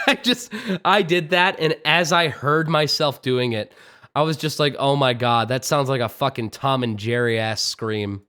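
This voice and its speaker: On a streaming microphone, this man's voice is medium-pitched, steady, bright, forceful and clean, moving at a normal speed. He's a streamer and voice actor rambling casually about voice acting on a live stream, making self-deprecating jokes and breaking into fits of laughter.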